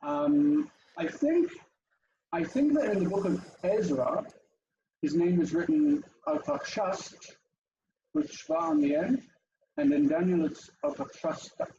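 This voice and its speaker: A man teaching a class over a video call, lively and explaining step by step with many fillers, heard through dull, lo-fi call audio. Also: sits high, a little slow, creaky, slight background noise.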